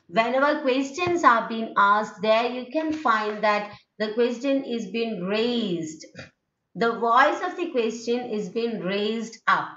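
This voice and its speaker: A woman with an Indian English accent teaches intonation in a recorded university lecture. She speaks slowly and patiently, and her pitch moves a lot. Her voice sounds echoey and dull, as if recorded in a bare room on lo-fi gear. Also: bright, forceful tone. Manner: patient, repeats each point with "okay".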